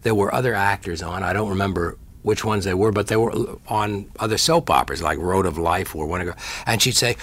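A man's voice: low voice, brisk, hardly any pauses, a bit bright, slight background noise. An older man, a veteran radio actor, fondly reminiscing in an interview, rambling with restarts.

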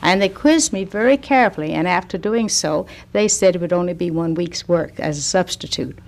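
An older woman with a Southern American accent, speaking as a radio interview guest. She tells her stories gently, with a dry, understated wit. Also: fairly low pitch, a little fast. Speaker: guest organist.

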